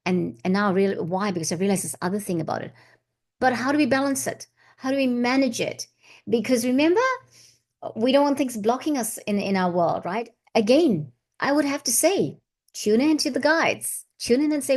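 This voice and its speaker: Hosting a spiritual channel, this woman speaks expressively and fairly quickly, with a medium pitch and a darkish tone. Her casual vlog wanders through many asides, and at times she slips into flowing chanted syllables.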